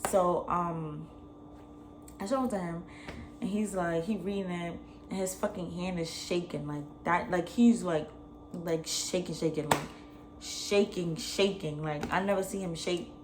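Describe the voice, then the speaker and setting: A young adult woman, telling a personal story in a slangy, animated way. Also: on the low side, a little slow, background noise. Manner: animated, slangy retelling, acts out both sides. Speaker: vlogger. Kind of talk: casual storytime.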